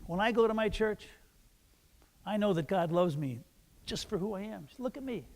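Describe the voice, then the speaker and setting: A man voicing an odd, cheerful male duck who is happy with who he is, talking gently and reassuringly. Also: sits high, expressive, moderate pace.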